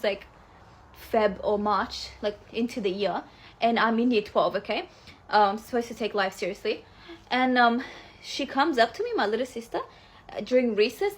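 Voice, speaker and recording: Chatty high-voiced young woman. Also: slightly rough. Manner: chatty, fast, full of "like" fillers. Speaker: vlogger. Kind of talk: storytime chat to camera.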